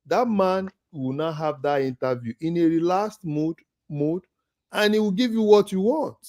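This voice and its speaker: A man's voice: a little high, normal speed, a little mellow, dry recording, clean studio sound. A man moderating an online political discussion, confident and assertive. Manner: confident, predicting.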